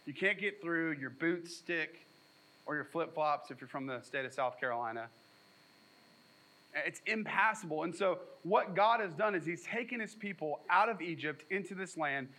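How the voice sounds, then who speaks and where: A man's voice: on the high side, moderate pace, low-quality recording. A man preaching a sermon as pastor, reading scripture and retelling it with casual asides and jokes. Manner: animated storytelling with asides and jokes.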